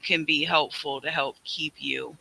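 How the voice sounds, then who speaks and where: A man's voice: on the high side, steady tone, measured pace, vocal fry, pushed and bright, breathy edge, rough recording. A man in a group discussion, talking earnestly and reflectively in a casual chat.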